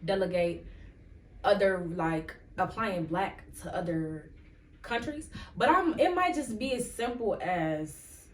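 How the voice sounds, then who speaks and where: Speaking slowly in a medium-pitched, animated voice, a female podcast host chats through a casual solo commentary. She rambles and fills her speech with "um" and "like." She sits far from the mic in an echoey room, and there's slight background noise.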